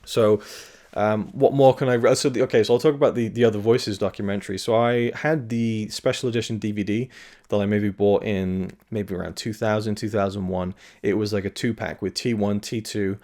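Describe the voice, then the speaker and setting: Casting: male podcast host, slightly low voice, loose rambling film talk. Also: fairly even intonation, brisk, a little mellow. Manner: rambling, lots of fillers and restarts. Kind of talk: casual solo commentary.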